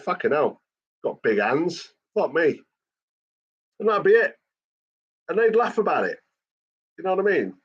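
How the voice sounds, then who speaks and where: A man's voice: fairly high pitch, husky. A man ranting in a casual chat, swearing constantly as he talks. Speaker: channel host. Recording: dull lo-fi recording.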